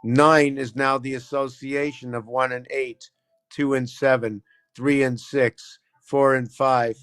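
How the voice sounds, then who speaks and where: A man's voice: medium pitch, flat delivery, slow, a bit bright, smooth, no room sound. A man hosting a live stream, explaining numbers and letter shapes in a loose, rambling way and constantly checking in with "right?". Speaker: livestream host. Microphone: phone camera.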